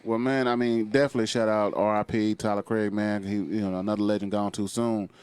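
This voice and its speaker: A man's voice: lowish voice, little pitch movement, a little fast, darkish tone, smooth. A man hosting a casual interview and telling his own comedy stories in laid-back talk. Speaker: podcast host, comedian.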